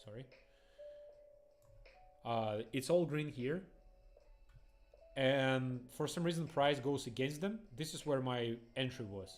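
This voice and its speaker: Excitable man. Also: medium pitch, slow pace, pauses often, soft background music. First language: Russian. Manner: rambling, excitable, non-native phrasing. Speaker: day trader streamer. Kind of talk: live trading stream commentary.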